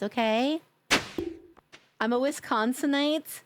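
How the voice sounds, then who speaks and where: A woman's voice: sits high, takes it slowly, background noise. A woman from New York chatting casually and teasingly with her viewers while live-streaming a game, laughing often.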